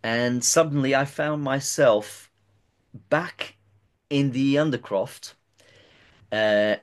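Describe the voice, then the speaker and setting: A man in an interview tells a long personal story. His voice sits at an ordinary middle pitch. He talks in a halting way, often stumbling and repeating words as he goes. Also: clear, resonant tone.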